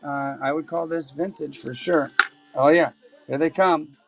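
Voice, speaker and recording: A man hosting a live coin auction stream, talking casually and exclaiming excitedly over silver coins. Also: on the high side, unhurried, gravelly, music in the background. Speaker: livestream auction host.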